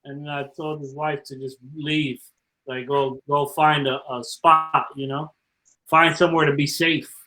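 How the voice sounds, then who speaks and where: A man's voice: on the high side, little pitch movement, measured pace, bright, forceful tone, poor audio. A man telling a rambling story in a laid-back way during casual chat on a video call.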